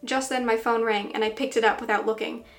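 A woman's voice: a little high, fairly even intonation, fairly quick, soft background music. Woman narrating a first-person story.

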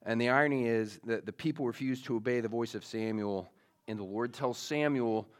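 A man's voice: medium pitch, brisk. A male pastor preaching a sermon in a casual storytelling way, with many fillers, speaking to young listeners.

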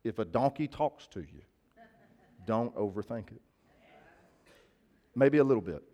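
A man's voice: fairly low pitch, expressive, a little slow, warm tone, muffled recording. A male preacher, giving a sermon in a casual, folksy way and often asking his listeners to agree. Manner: conversational, folksy, asks the crowd to agree.

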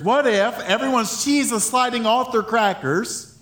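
A man with a high-pitched voice delivers a sermon. He talks in a loose, conversational way, often laughing and stumbling over restarts. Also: measured pace, fairly bright tone. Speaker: pastor.

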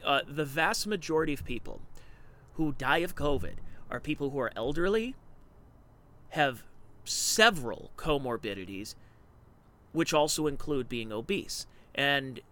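Give me a sarcastic, ranting male commentator with a slightly high voice. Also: sharp tone. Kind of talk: opinion commentary.

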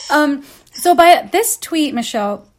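A woman in her late thirties, hosting a laid-back podcast, takes her time telling a frank story and laughs a lot along the way. Her high voice has lively intonation and an unhurried, slow delivery.

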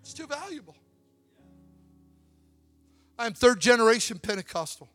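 High-voiced preacher man with music behind. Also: very animated, a little slow. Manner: storytelling, builds to shouted preaching. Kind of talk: sermon.

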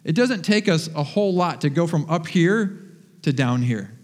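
A man preaching a sermon as pastor, animated and joking as he tells stories to his congregation in a church. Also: a little high, normal speed. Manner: animated, humorous storytelling. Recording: long reverb of a large hall.

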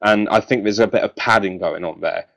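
A man's voice: on the low side, a little fast, vocal fry, a bit bright. A man hosting a casual podcast chat, talking with many ums and restarts. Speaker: podcast host.

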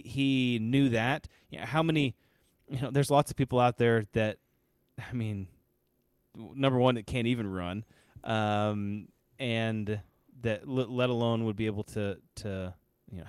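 A man's voice: medium pitch, a little mellow, clean tone, dry recording. A man co-hosting a podcast in casual chat, rambling with many restarts and fillers. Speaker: podcast co-host.

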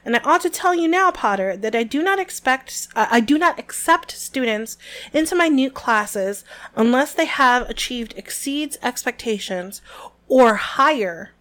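A severe older professor, brisk and dry, with her patience wearing thin, read aloud by a woman on a podcast. The voice sits fairly high, and each line comes out crisp and clipped, as if through tightly gritted teeth. It is an unhurried, icy read-aloud. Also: expressive, a bit bright. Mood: stern. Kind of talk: reading a novel aloud on a podcast.

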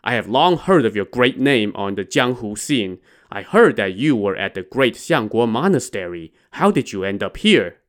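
A man's voice: fairly low pitch, very animated, moderate pace, hardly any pauses. A man voicing a proud outlaw army officer in a terse, self-assured way, close to his own voice.

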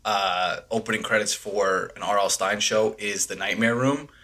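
A man's voice: fairly low pitch, steady tone, normal speed, pushed and bright. A man making dry jokes and swearing casually while reacting to a show with friends. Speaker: co-host watching a show.

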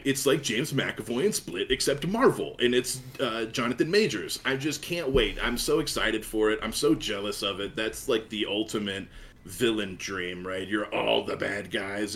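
Excited man hosting a podcast. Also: fairly low pitch, moderate pace, slight background noise. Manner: excited, gushing. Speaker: podcast host. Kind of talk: casual podcast chat.

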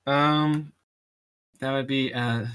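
A man with a bright, forceful voice at a middling pitch, running a tabletop game as dungeon master. He describes the scene in a loose, chatty way and laughs between lines. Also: steady tone, slow pace, clean tone.

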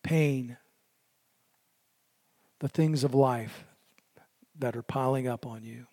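Slow, earnest man preaching in a hall. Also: mid-range voice. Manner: slow, earnest preaching that drops to a hush on key lines. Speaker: pastor. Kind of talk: sermon.

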